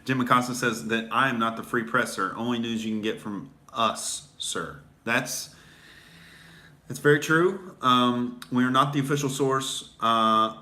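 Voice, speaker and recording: A male comedian hosting a livestream, rambling sarcastically and slowly through his jokes with lots of fillers. His voice is bright, and the room is echoey. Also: mid-range voice, steady tone. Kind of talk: rambling satirical livestream monologue.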